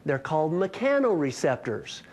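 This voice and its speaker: Animated man telling a funny story. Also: a little high, moderate pace. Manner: animated, self-mocking humor. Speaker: chiropractor giving a health workshop. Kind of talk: humorous storytelling talk.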